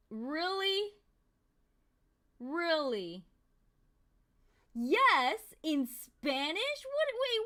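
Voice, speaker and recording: Woman streamer, chatty and excitable, pitched a touch high. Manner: animated, exclamatory storytelling. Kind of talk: casual chat with viewers.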